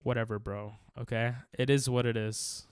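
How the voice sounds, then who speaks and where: A man's voice: mid-range voice, steady tone, normal speed, smooth, dry recording, clean studio sound. A male streamer in casual chat with his viewers, defensive and laughing, rambling with restarts.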